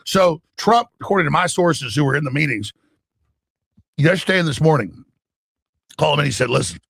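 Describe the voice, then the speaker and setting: A man with a gravelly, raspy voice delivering an emphatic, excited monologue as a talk show guest. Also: fairly high pitch, a little fast, dry recording. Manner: emphatic, acts out quoted voices.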